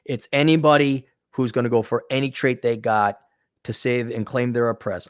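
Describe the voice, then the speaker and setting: Reading and reacting as a commentator, a middle-aged man delivers a sarcastic, blunt monologue, mocking with put-on voices. He speaks at a moderate pace in a smooth, mid-range voice with fairly even intonation, recorded dry with clean studio sound.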